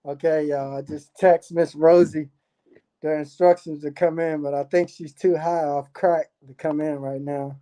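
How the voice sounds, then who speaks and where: Male livestream host, low and mellow, rambling and profane. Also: fairly even intonation, normal speed. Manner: profane, rambling, laughing asides. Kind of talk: casual rambling livestream talk.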